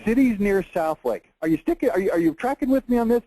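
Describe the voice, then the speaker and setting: A man's voice: high-pitched, expressive, fast, dark tone, rough recording. A man, giving a blunt, emphatic marketing webinar with an exasperated edge. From Texas. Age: 40s. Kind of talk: webinar presentation over screen share.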